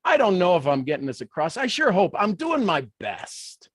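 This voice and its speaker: Ohio guy fired up giving a motivational talk, kinda high voice, dry close sound. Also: moderate pace, slightly rough, dry recording. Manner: animated, folksy, playful asides. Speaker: motivational speaker.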